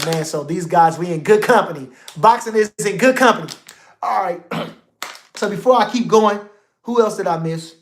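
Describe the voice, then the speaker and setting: A middle-aged man hosting a casual livestream about boxing, slangy and animated, swinging from a low murmur to loud outbursts. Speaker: boxing commentator.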